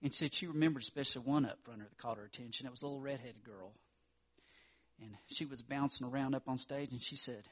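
A man's voice: mid-range voice, quick pace. A man preaching a sermon as pastor, earnest, lifting his voice for emphasis.

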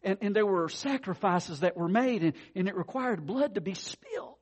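Male pastor preaching, high voice with a lively, swooping delivery. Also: normal speed, husky. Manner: animated preaching, swings from soft asides to loud declarations. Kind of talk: sermon.

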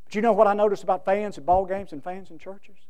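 A man's voice: high-pitched, fairly even intonation, quick pace, darkish tone, smooth. A man preaching a sermon as pastor, folksy and emphatic, acting out the voices of the people in his stories.

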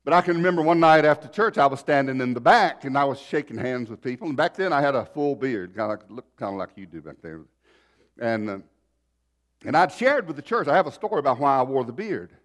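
Lively-voiced pastor. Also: male voice, mid-range voice, quick pace. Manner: folksy storytelling, shifting loud and soft. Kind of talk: sermon with personal story.

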